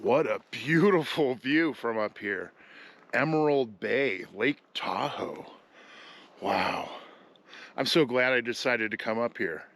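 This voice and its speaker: A man's voice: mid-range voice, unhurried. A man talking casually in a solo travel vlog, slightly out of breath, outdoors at a snowy lookout, chatty and easygoing. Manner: chatty, easygoing, marvels out loud. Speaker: vanlife vlogger.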